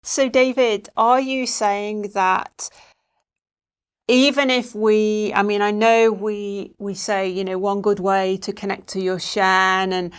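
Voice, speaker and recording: A woman's voice: mid-range voice, flat delivery, takes it slowly, clear, resonant tone. A woman co-hosting a talk, asking thoughtful questions with hesitant restarts. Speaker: co-host. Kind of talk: conversational questioning.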